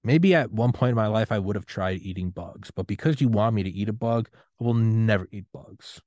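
Man, thirties, podcast host, solo rant, defiant, profane, fairly deep voice, dry room. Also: brisk, dark tone, no room sound.

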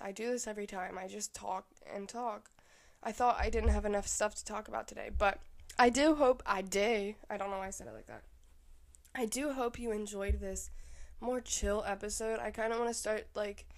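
Young woman, solo podcast host, casual rambling chat, candid, laughs often, filler words. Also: mid-range voice.

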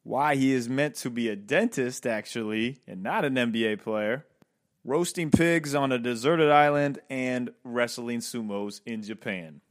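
A man's voice: medium pitch, measured pace. A man hosting a podcast, giving an upbeat, hyped-up introduction. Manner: upbeat, hyped, jokes with put-on accents. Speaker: podcast host and life coach.

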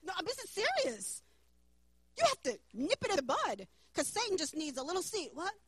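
A woman's voice: very high-pitched, huge pitch swings, normal speed, fairly bright tone, dry recording. A woman preaching a sermon in an emphatic, playful way.

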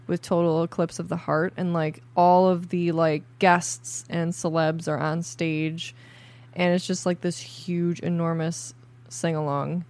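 A young woman co-hosting a podcast, chatting casually, bubbly and quick to laugh. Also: on the low side, little pitch movement, darkish tone. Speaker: podcast co-host. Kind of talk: casual chat.

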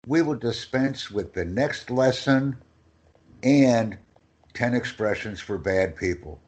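A male English teacher working through lists of phrases, his pitch swinging widely as he stresses each one. He speaks slowly and deliberately, giving every phrase room before his student repeats it. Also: animated. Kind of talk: language lesson, reading phrases for repetition.

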